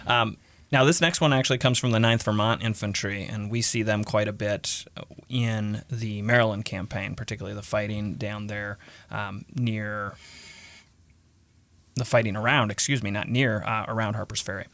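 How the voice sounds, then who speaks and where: A man's voice: fairly low pitch, fairly even intonation, moderate pace, a bit bright, no room sound. A man co-hosting a casual history podcast, reading old letters aloud and chatting between them. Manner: reads out historical quotes, chuckles often. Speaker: podcast co-host.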